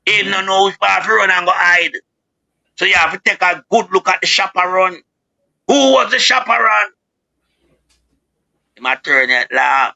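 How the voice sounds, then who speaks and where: A man with a Jamaican accent, a guest speaker giving impassioned political commentary, preachy and rising to shouts. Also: high-pitched, moderate pace, vocal fry, pauses often, muffled recording. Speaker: guest speaker on a live show.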